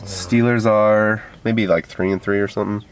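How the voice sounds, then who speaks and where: A man's voice: fairly low pitch, normal speed. A man co-hosting a podcast, joking around and running himself down in casual sports chat. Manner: jokey, self-deprecating, animated. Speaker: podcast co-host.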